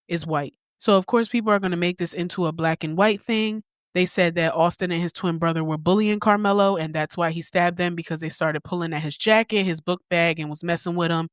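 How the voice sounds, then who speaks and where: A woman's voice: on the low side, no echo. Blunt woman podcast host, dry close sound. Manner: blunt, candid, swears casually. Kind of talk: opinionated commentary.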